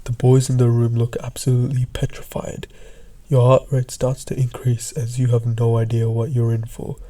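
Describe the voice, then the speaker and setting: Dark-voiced man telling a storytime. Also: medium pitch, completely flat delivery, normal speed. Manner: drops into hushed, half-whispered asides. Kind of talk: casual second-person storytime.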